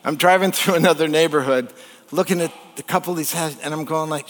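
A man's voice: a little high, fairly even intonation, fast, fairly bright tone. A man preaching a sermon in a church, conversational and joking, throwing rhetorical questions at the congregation. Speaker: pastor. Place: church sanctuary. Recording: long church hall reverb.

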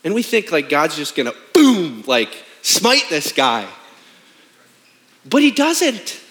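A man's voice: a little high, very animated, a little slow, fairly bright tone. A man in his thirties, a pastor preaching a sermon in an emphatic, conversational way with rhetorical questions.

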